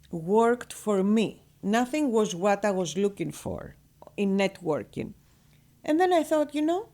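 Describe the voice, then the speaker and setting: A little high in pitch, this Greek woman, a real estate broker, speaks with her native accent as a radio interview guest. She shares how her business came about in an animated, talkative way, with frequent laughter.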